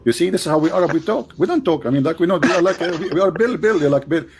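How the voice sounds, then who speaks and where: A man's voice: animated, rapid-fire, slight background noise. Teasing man hosting a heated call-in debate. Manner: teasing, repetitive, jumps between loud and low. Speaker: show host debating a caller. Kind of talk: mocking debate chat.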